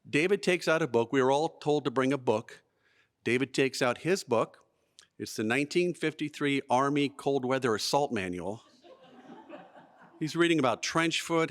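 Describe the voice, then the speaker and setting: A man's voice: mid-range voice, a bit bright. A man telling a self-deprecating, comic personal story live on stage before an audience. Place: museum event space before an audience.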